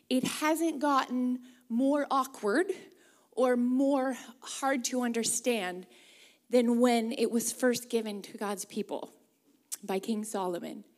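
A guest preacher from the Pacific Northwest delivers an earnest sermon, leading the congregation in reading along. Her voice is a little high and a little mellow.

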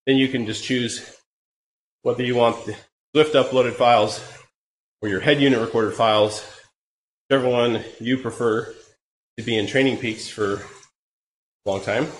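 A man with a cold, hosting a live cycling-training Q&A in a relaxed, rambling way with many fillers. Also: mid-range voice. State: hoarse from a cold. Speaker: podcast host. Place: home room, riding an indoor trainer. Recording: echoey room with faint ambient noise.

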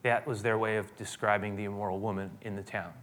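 A man preaching a sermon, retelling a scripture scene with many restarts, dropping to hushed tones and rising to emphatic peaks. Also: lowish voice, level tone, fast, a little hiss or hum. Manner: storytelling with frequent restarts, swinging from hushed to emphatic.

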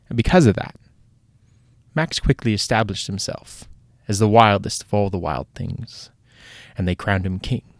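A man's voice: on the low side, dry recording, clean studio sound. A man voicing a British gangster's right-hand man with a put-on British accent, telling a long, theatrical tale. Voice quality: theatrical, drawn-out storytelling.

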